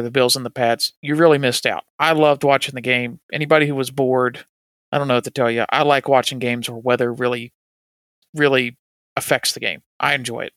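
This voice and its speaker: A man's voice: medium pitch, a bit bright, no room sound. Laid-back man talking sports, dry. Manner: laid-back, agreeable, laughs often. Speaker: podcast co-host. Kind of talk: casual sports chat.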